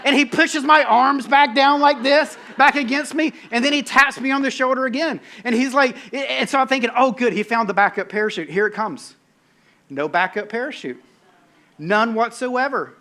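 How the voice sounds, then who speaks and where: High, bright-voiced man telling a sermon story. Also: normal speed. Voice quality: bald-headed, bearded. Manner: animated, self-mocking, acts out his own panic. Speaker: pastor.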